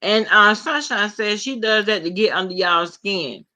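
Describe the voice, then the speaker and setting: A woman's voice: medium pitch, expressive, unhurried, sharp tone. A woman hosting a casual chat, chiming in with short supportive remarks and reading out comments. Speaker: host.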